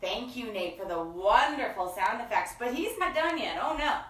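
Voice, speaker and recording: A woman hosting a children's story time, reading picture books aloud in an expressive sing-song way with gasps and acted voices. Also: on the high side, moderate pace. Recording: echoey room, from far off.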